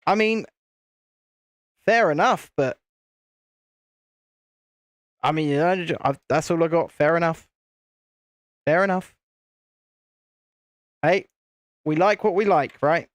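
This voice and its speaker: A man's voice: on the high side, slow pace, long pauses, no echo. A British man casually chatting and rambling with jokes while hosting a live building stream. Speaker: livestream host.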